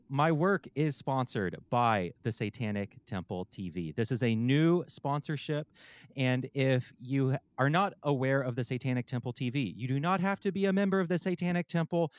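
A man's voice: medium pitch, dry recording, clean studio sound. A man hosting his own podcast from a room at home, chatty and candid, poking fun at himself as he reads sponsors and thanks listeners. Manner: candid, chatty and self-deprecating. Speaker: podcast host. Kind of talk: casual podcast intro and sponsor read.

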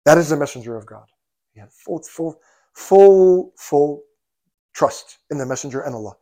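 A man preaching a sermon, telling the story dramatically, dropping to a hush and rising to loud cries, with Arabic phrases mixed into his English. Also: on the high side, lively intonation, normal speed.

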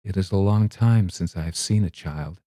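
A man reading a storybook, voicing a frail old lady who speaks softly and drearily, as if she will live forever. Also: low-pitched, normal speed, no echo, clean studio sound. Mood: dreary. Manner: soft, dreary and wistful.

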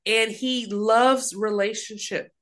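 A woman's voice: fairly high pitch, slow. An ordained woman minister, a guest in a faith interview, telling stories and acting out the voices she quotes. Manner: animated, acts out quoted voices.

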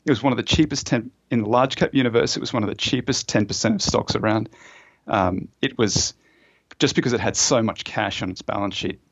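A man's voice: fairly low pitch, brisk, highs cut off. A man as a podcast guest, explaining at length and storytelling with fillers and restarts. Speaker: author and fund manager, guest. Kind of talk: conversational explanation in a podcast interview.

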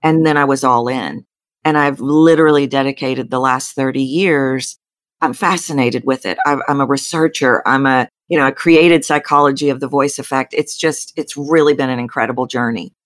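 A woman with a Texan accent, a voice coach telling her story as an interview guest, animated, with sudden jumps in pitch. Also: moderate pace, no echo. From Texas.

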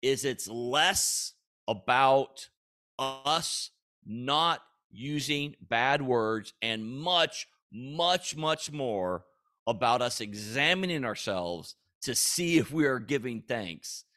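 A man's voice: medium pitch, takes it slowly. A man hosting a Christian podcast, talking casually and earnestly in a rambling way, with frequent restarts and bursts of animation. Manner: rambling, repeats himself and restarts, with animated bursts when quoting God. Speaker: podcast host.

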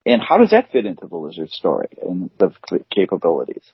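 A man's voice: deep voice, wildly swooping pitch, fast, creaky, a little hiss or hum. A man co-hosting a casual chat show, speaking hesitantly with many restarts. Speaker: co-host. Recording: dull, dry lo-fi audio.

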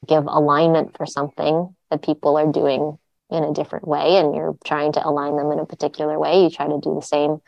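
A woman's voice: sits low, level tone, a little fast, gravelly, dry recording, highs cut off. A woman, a yoga teacher guest, chatting casually in an interview and telling stories with lots of "like"s and restarts. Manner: chatty storyteller, many "like"s and restarts.

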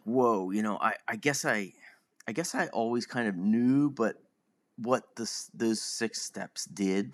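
A man's voice: on the low side, a bit bright. A man talking casually and reflectively about his own experiences, often chuckling at himself. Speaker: podcast host. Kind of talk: casual personal monologue.

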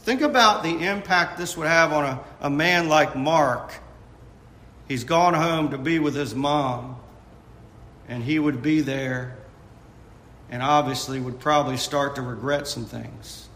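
Male pastor, slow deliberate sermon delivery, bright high voice, echoey church room. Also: a little hiss or hum. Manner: emphatic preaching, rising and dropping to a hush. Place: church sanctuary.

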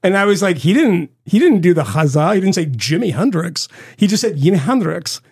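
Brief: American male podcast co-host, gravelly and husky, rambling and profane, dry close sound. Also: sits high, big pitch swings, a little fast, no room sound. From United States. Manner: rambling, profane, laughing storyteller. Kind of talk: casual rambling chat.

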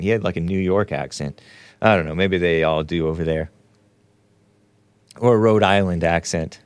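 A man's voice: lowish voice, clean tone, dry recording. A man in his forties hosting a show, giving casual, wry commentary on news clips with sarcastic asides. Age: 40s. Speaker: host.

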